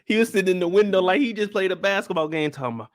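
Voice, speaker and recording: A young man, hosting a casual live show recap and acting out the characters as he talks. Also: sits high. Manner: animated storytelling, acts out characters in quick voice switches.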